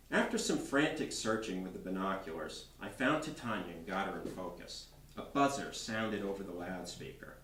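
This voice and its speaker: A man's voice: low-pitched, animated, moderate pace, hardly any pauses, fairly bright tone. A man, a novelist, reading his novel aloud expressively at a bookstore. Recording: roomy bookstore from far off.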